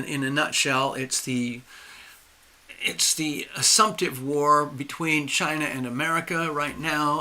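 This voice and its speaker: A man hosting a live astrology stream, speaking emphatically with drawn-out stresses and restarts while losing his voice. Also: medium pitch, sharp tone. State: losing his voice, clearing his throat. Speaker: astrology and tarot livestream host.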